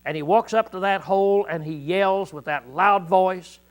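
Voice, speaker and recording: A male pastor delivers a sermon in a folksy manner, often clearing his throat, repeating words, and shouting quoted lines. His voice is high and his pace is normal.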